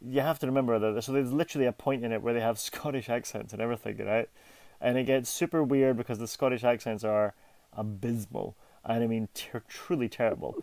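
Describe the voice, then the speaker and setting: A man's voice: mid-range voice, steady tone, fairly quick, darkish tone, dry recording. A British man in his thirties bantering on a podcast, teasing his co-host and laughing often. His voice sits mid-range and sounds close and dry, with no room around it. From United Kingdom.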